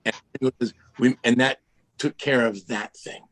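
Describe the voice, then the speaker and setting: A man guest on a video call, telling animated stories and acting out voices as he goes. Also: medium pitch, normal speed. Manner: lively, acts out voices in his anecdotes. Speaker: guest record producer. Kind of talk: animated storytelling.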